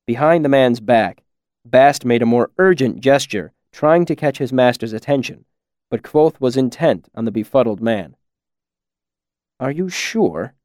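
An audiobook narrator reads a scripted story in a measured, expressive way. His medium-pitched voice is recorded at studio quality with no room sound.

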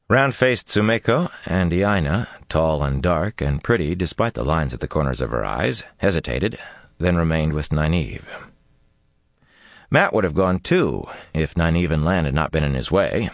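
A man narrating a fantasy audiobook in an expressive, dramatic storytelling manner. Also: extremely low pitch, no room sound, clean studio sound.

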